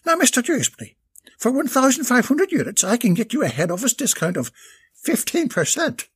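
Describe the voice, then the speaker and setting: A man voicing a flirty, pushy Irish saleswoman in a high falsetto with a gravelly edge. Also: huge pitch swings, brisk, no echo, studio quality, full character voice. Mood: wheedling. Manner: high put-on falsetto, wheedling.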